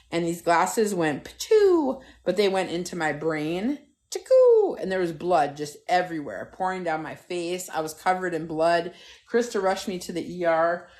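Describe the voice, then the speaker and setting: Low-voiced, profane middle-aged woman storyteller. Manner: animated, profane, talks straight to viewers. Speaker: TikTok live host. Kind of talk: casual live-stream chat and storytelling. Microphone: phone.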